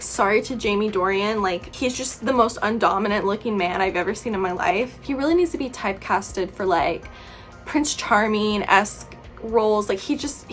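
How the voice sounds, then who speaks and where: A young woman YouTuber who reviews books and films vlogs casually to camera. Her voice is on the high side with a fairly bright tone, and she's chatty and playfully opinionated, peppering her talk with "like" and "you know".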